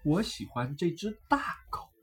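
Eager little storybook girl, a woman voicing her; high, excitable, lively swings, unhurried. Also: recorded from a distance, a crowd in the background. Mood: pleading.

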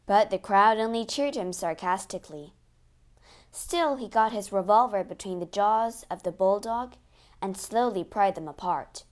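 A woman reading a children's adventure story aloud in a steady, expressive way. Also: medium pitch, normal speed. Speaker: narrator.

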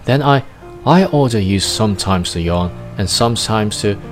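A proud, bossy king from a storybook, put on by a male narrator. He booms out orders in a raised, commanding voice. Faint music plays underneath. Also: expressive, moderate pace. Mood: flustered. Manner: loud and commanding. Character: proud, bossy old king ruling a tiny planet.

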